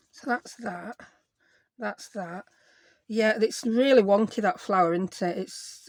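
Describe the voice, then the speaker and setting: A woman hosting a casual crafting vlog, chatty and self-deprecating, talking to herself as she works. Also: medium pitch. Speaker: craft channel host.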